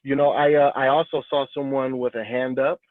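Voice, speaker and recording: A man hosting a casual group call talks encouragingly but rambles, restarting often. His mid-range voice is level and brisk. He's on a cell phone, giving dry, tinny phone-line audio.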